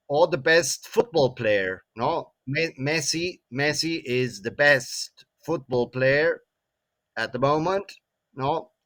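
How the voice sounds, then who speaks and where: Slow male English teacher. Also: a little high, fairly bright tone. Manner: frequent tag questions "no?" and "eh?", repeats words. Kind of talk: classroom grammar lesson.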